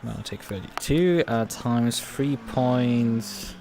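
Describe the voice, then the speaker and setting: A man streaming a sim race, thinking aloud in a halting, self-correcting way with a German accent. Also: medium pitch, noisy background. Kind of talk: casual live-stream commentary.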